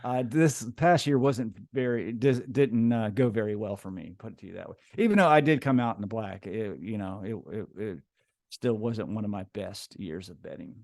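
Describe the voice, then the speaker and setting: A man's voice: fairly low pitch, moderate pace, gravelly, darkish tone, no echo, clean studio sound. A middle-aged man from the United States, a podcast host appearing as a guest, chatting casually with frequent stammers and jokes. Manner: stammering, laid-back, joking.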